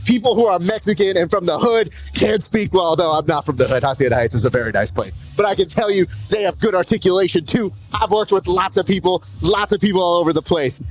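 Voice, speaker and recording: Joking, animated man interviewing a fighter. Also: high-pitched, fast, few pauses, faint music behind. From Southern California. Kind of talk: casual banter interview.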